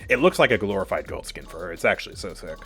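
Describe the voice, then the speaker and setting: A man's voice: sits low, animated, fast, fairly bright tone, slightly rough, soft background music. A man streaming a game live, chatting casually with his viewers and laughing often as he comments.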